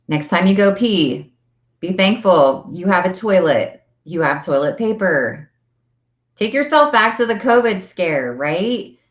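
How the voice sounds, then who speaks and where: A middle-aged self-help coach with a low voice gives her viewers a chatty, earnest motivational talk, often repeating phrases to hammer her points home. The room is reverberant, and the recording sounds a bit dull and muffled.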